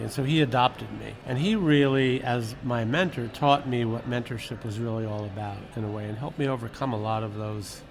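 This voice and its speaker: An older man, a former magazine editor, telling stories in an interview in a lively, candid way, laughing now and then. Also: medium pitch, background noise. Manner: animated, candid, laughs often, swears casually. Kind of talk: reflective storytelling interview.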